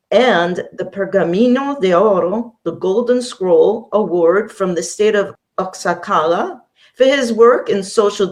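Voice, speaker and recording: A woman hosting a talk show, smoothly reading a formal guest introduction and leading the interview. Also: mid-range voice. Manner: polished, reads introductions smoothly.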